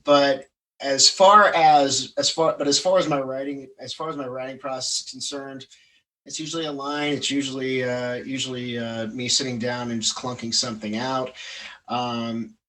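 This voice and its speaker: A man's voice: medium pitch, steady tone, moderate pace, pushed and bright, distant mic, poor audio. A man from Pittsburgh, a singer-songwriter guest, chatting casually and rambling with many restarts. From Pittsburgh, Pennsylvania. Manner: rambling, lots of restarts and fillers. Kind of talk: casual interview chat.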